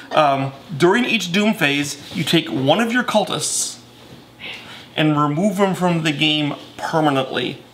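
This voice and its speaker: A man's voice: fairly high pitch, fairly bright tone, a little hiss or hum. A man casually explaining board game rules in a chatty, self-correcting way with many fillers.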